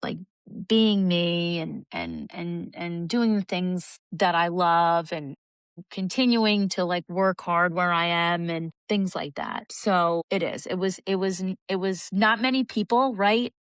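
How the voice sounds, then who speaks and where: A woman's voice: fairly low pitch, fairly even intonation, unhurried, clear, resonant tone, dry recording. A young adult woman co-hosting a podcast, talking in an earnest, reflective way in casual chat. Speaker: podcast co-host.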